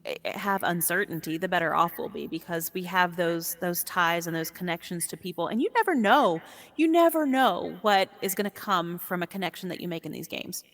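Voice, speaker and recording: Woman chatting in an interview, warm, laughs easily, kinda low voice, echoey. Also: lively intonation, fairly quick. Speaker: guest, VR sport caster. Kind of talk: casual interview chat. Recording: long echoey reverb.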